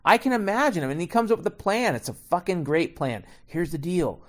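A man's voice: sits high, big pitch swings, a little fast. A middle-aged man delivering a profane, rambling, sarcastic comedic rant as a podcast host.

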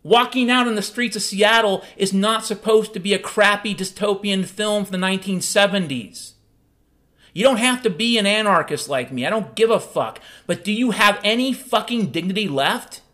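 A man hosting a podcast, delivering an angry, profane political rant that swings between loud outbursts and low muttering. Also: moderate pace. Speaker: podcast host.

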